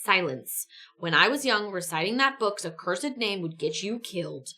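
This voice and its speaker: A woman's voice: medium pitch, animated, normal speed, sharp tone, voice pushed down. A woman reading the part of a grim, secretive teenage girl warrior, in a stern, solemn way.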